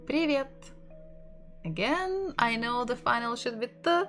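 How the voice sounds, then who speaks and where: A woman with a Russian accent teaching an online language lesson in English, explaining patiently and laughing softly now and then. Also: fairly high pitch, expressive, moderate pace. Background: soft lo-fi music.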